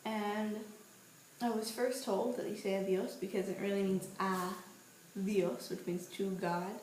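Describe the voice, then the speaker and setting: A woman's voice: medium pitch, measured pace. A woman in her twenties telling stories in a casual, playful vlog, walking outdoors and holding her camera. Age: 20s. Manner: chatty, animated, playful storytelling. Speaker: vlogger. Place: outdoors on a street at night. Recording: roomy echo with faint ambient noise.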